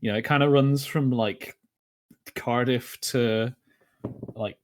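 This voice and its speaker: A man from England chatting casually who stammers over his words and keeps laughing. His voice sits in an ordinary middle pitch. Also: steady tone, slow. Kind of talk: casual banter.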